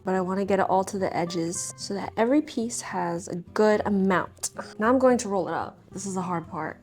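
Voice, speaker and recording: A woman's voice: medium pitch, fairly quick, darkish tone, soft background music. A young woman chatting casually to camera while baking in her home kitchen, talking to herself and a bit flustered. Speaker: home baker vlogger. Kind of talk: casual baking vlog chat.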